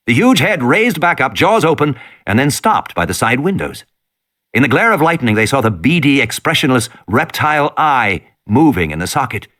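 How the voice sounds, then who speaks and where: Animated male storyteller, bright tone, big pitch swings, dramatic reading. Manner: dramatic, rises and falls with the tension. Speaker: audiobook reader. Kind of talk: dramatic audiobook narration.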